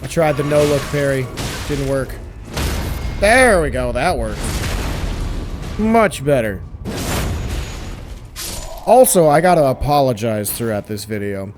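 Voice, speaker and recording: A hoarse man who has lost his voice, chatting casually through a game walkthrough and teasing the enemies on screen. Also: mid-range voice, expressive, slow, long pauses, music in the background. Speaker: gameplay walkthrough host.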